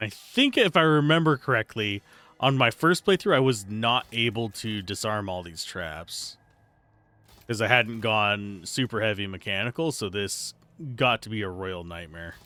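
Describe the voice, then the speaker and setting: Lively-voiced man streaming a game. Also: on the low side, moderate pace, no echo. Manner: laid-back, wry, thinking aloud. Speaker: let's play streamer. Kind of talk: casual gameplay commentary.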